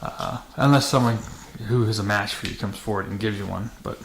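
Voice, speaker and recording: A man's voice: lowish voice, fairly even intonation, a little fast. A man hosting a dirt bike vlog, talking casually to camera with many fillers and restarts in a matter-of-fact way. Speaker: channel host. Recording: echoey room with faint noise.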